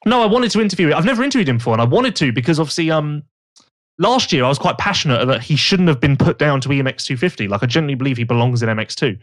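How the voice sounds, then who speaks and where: This podcast co-host is a man with a fairly high, expressive voice who talks very fast. He chats casually and teasingly about motocross racing, rambling and restarting his sentences.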